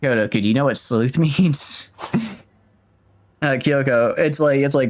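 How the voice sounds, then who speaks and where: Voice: medium pitch, measured pace, long pauses. A streamer rambling and joking through casual commentary on a game, laughing often.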